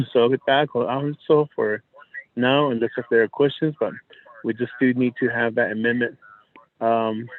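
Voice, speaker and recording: A man speaking as a council delegate, hesitant and halting, with restarts. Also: medium pitch. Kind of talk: formal council remarks. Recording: tinny phone line.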